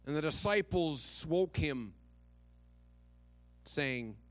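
A man's voice: a little high, expressive, very slow, dry recording. A male pastor preaching a sermon in a conversational, dramatic storytelling manner with touches of humor.

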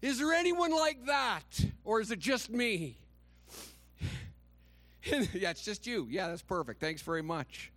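Male pastor, sermon delivery; slow, conversational storyteller with a slightly high pitch. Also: expressive, fairly bright tone, no echo. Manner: conversational, dramatic storytelling with humor.

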